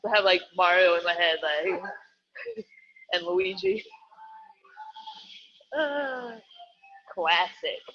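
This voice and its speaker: A man's voice: high voice, lively intonation, takes it slowly, long pauses, muffled recording. A man coaching a live online workout, calling out exercises and reps in an upbeat, joking way. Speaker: fitness coach.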